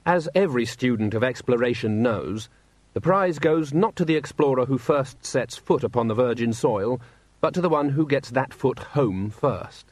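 A man reading a story aloud in a wry, steady narrating voice, acting out the characters. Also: mid-range voice, normal speed, no echo. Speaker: audiobook narrator. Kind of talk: scripted narration.

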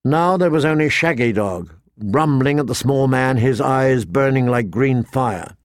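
A man's voice: mid-range voice, dry recording. Male audiobook narrator, dry close sound. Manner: measured, steady storytelling. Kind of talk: scripted fantasy narration.

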